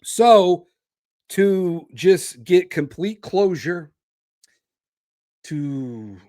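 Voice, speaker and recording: A man's voice: a little high, no room sound, studio quality. A man hosting a solo wrestling podcast, talking animatedly and stretching out names for emphasis. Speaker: podcast host.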